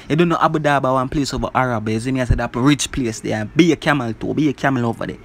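Man, song reviewer, animated casual patter, middle-pitched, faint hiss under his voice. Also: quick pace, creaky, hardly any pauses. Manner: animated, peppers talk with "bro" and "you see me". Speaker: music reviewer.

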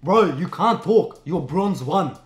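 A man playing a boastful, quick-to-yell male gamer in his mid-twenties with an Australian accent, in voice chat. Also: high voice, lively intonation, echoey room, crowd noise. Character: hot-tempered 25-year-old male gamer.

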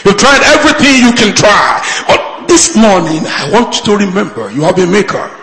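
Fervent high-voiced preacher man, echoey hall. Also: animated, normal speed, hardly any pauses. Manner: fervent preaching, shifts between shouting and low pleading. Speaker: pastor. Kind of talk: sermon.

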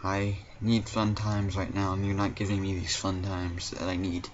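A man's voice: low-pitched, little pitch movement, moderate pace, noisy background. A man doing let's play commentary in an exasperated, whiny, complaining way, heard through a dull lo-fi mic. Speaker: gaming commentator.

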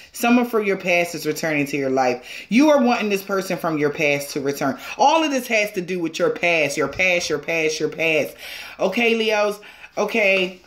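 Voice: mid-range voice, fairly bright tone. An emphatic tarot reader in a roomy space. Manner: emphatic and pushy, laughs often, swears casually. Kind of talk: casual tarot reading to viewers.

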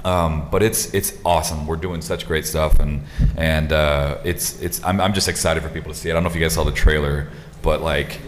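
Deep-voiced man chatting on a panel. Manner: chatty, laughs often, excitable. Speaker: panel guest actor. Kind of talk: casual convention panel chat. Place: convention hall panel. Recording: long hall reverb, background noise.

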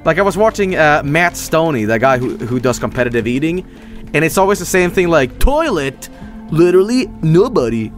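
A man streaming a game, talking casually and swinging between low mutters and loud exclamations. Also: lively intonation, fairly quick, soft background music. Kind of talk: livestream game commentary.

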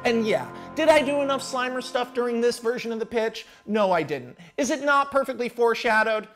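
A man casually telling a film pitch as a story, animated and profane, swinging from mutters to shouts. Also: brisk, soft background music. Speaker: channel host, screenwriter.

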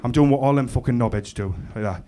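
On a comedy club stage, a young male stand-up comedian from Middlesbrough, England, speaks with a Teesside accent. His voice is medium-pitched, mellow and quick, over slight background noise. The set is rowdy and sweary, and he keeps checking in with the crowd.

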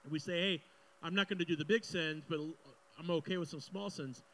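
A young male pastor delivers a sermon, reading a scripture passage aloud. Between readings he drops into casual, joking asides with the congregation. His voice sits a little on the high side. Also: steady tone, a little fast, sharp tone, low-quality recording.

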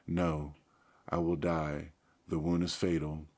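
Audiobook: man doing a dying, telepathic alien warrior, slow and formal, low voice. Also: level tone, darkish tone, exaggerated voice. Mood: solemn. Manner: slow, solemn, formal speech.

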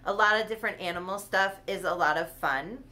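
A woman hosting her own casual vlog, talking in a loose, rambling way with frequent giggles. Her voice is bright and forward, pitched in a middle range. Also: brisk. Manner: chatty and rambling, giggles often. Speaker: doll collector hosting her channel.

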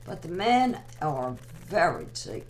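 A woman's voice: low-pitched, huge pitch swings, slow, slight background noise, rough recording. Rambling young woman hosting a live radio chat. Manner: rambling, teasing and bantering with listeners. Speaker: online radio show host. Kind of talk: casual live chat with listeners.

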